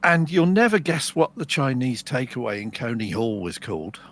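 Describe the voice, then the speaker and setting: A man's voice: medium pitch, animated, moderate pace, a bit bright. An English man co-hosting a podcast, telling long rambling stories in casual chat. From England. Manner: chatty, rambling storyteller. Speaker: podcast co-host.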